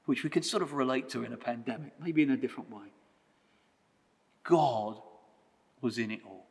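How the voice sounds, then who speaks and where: A male preacher delivering a sermon with earnest conviction, stacking phrase on phrase in steady rhythm. His voice sits at a middle pitch and carries with a long reverb through a church hall. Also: moderate pace, long pauses, husky. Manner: earnest, rhythmic repetition, quieting to prayer.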